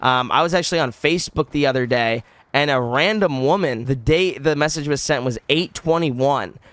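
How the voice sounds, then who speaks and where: A young man casually telling a story on his vlog, animated and rambling, with many likes and restarts. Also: mid-range voice, moderate pace, no room sound. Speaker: vlogger.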